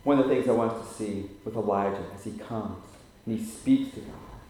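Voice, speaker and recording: A male pastor preaching a sermon, swelling loud for emphasis and dropping to near-whispers. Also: fairly low pitch, a little fast, a little hiss or hum. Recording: very echoey room.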